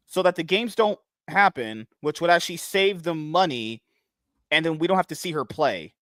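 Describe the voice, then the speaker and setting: A man's voice: on the high side, normal speed, no echo, clean studio sound. A man in casual podcast chat, ranting and mocking with lots of swearing. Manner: animated, swearing, mocking rants.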